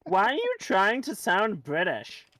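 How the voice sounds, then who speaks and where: A man gaming with friends, making quick playful callouts about the game. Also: sits high, huge pitch swings, sharp tone, dry recording. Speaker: gamer on a livestream. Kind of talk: casual gaming chat.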